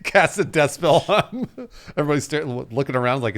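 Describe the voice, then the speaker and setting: A man hosting a podcast, chatting casually and telling bits with animated, laughing energy. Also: a little high, quick pace. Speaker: podcast host. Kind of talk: casual chat.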